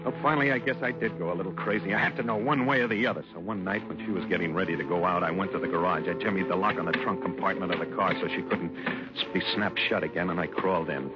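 A man's voice: low voice, quick pace, natural voice. An actor playing a jealous young husband who narrates his story in an old radio drama. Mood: brooding. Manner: brooding, tense confessional narration. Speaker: narrator and lead. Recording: muffled old radio recording with music.

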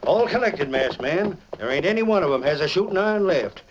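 A man playing a gruff, defiant frontier sheriff with a drawl, acted in old radio drama style. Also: fairly high pitch, expressive, brisk, a little hiss or hum, natural voice. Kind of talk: 1940s radio drama acting. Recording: dull old radio recording.

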